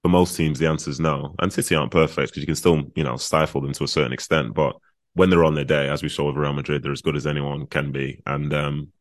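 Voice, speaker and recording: A man's voice: a bass voice, level tone, fast talker, no echo, studio quality. A man discussing football tactics as a podcast pundit, in an analytical casual style with frequent fillers.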